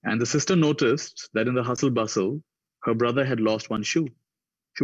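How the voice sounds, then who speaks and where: A man speaking at a conference, telling reflective stories and raising his pitch to act out the people in them. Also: moderate pace, long pauses, dry recording, highs cut off. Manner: acts out the voices in his stories with raised pitch. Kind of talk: reflective storytelling talk.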